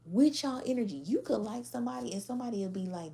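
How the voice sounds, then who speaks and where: A woman's voice: a little high, expressive, fast talker, creaky, dark tone, slight background noise. A woman giving a casual tarot reading to a general audience, blunt and profane, acting out how other people react. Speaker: tarot reader.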